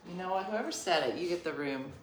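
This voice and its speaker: A woman's voice: on the low side, animated, fast, roomy sound, a little hiss or hum. A woman hosting an online show, chatting casually with viewers and laughing as she tells stories. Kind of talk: casual live-stream chat.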